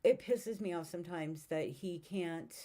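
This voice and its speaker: A woman's voice: lowish voice, measured pace, mellow. A woman in her fifties venting in a rambling, frustrated way, swearing often, with her mic set far away. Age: 50s. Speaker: vlogger. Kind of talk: casual venting monologue.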